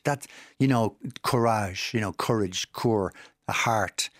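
Guy musician chatting on radio, halting, keeps restarting, dry close mic. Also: medium pitch, lively intonation, fairly bright tone, no room sound. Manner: halting, searching for words. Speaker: musician guest. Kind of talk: casual radio interview. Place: radio studio.

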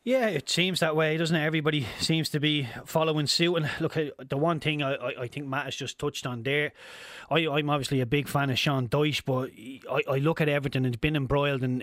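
Fast-talking male football pundit. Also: mid-range voice, fairly bright tone, dry recording, clean studio sound. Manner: fast, stumbling restarts. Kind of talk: radio punditry.

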